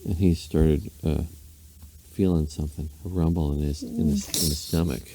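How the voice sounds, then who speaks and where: A man's voice: very deep voice, fairly even intonation, normal speed, mellow, husky. A man, a dad, rambling playfully through an improvised bedtime story. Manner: rambling, playful, with silly asides.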